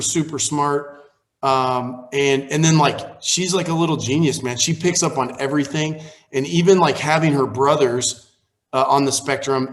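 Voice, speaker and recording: A man in his forties, a pastor, telling a personal story on a call in a candid, conversational way that turns heated. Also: medium pitch. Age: 40s. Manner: candid, grows heated and animated while recounting. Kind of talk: casual storytelling on a training call.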